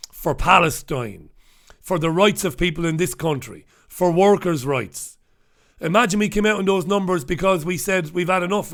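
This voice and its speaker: Man, host, scathing newspaper review, sarcastic, sweary, fairly high pitch. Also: fairly bright tone. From United Kingdom.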